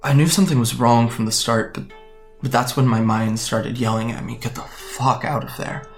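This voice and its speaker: An actor in his twenties playing a guarded young man from Japan who recounts fleeing home, speaking in a hesitant, halting, wry way in an audio drama. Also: mid-range voice, steady tone, faint music behind, natural voice. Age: 20s.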